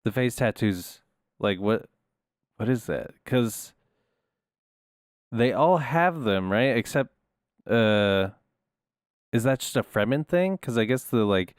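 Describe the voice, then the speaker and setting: A man's voice: medium pitch, animated, slow, long pauses, clear, resonant tone, no echo, clean studio sound. A man co-hosting a casual film podcast, asking questions and making crude jokes. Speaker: podcast co-host. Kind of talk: casual chat.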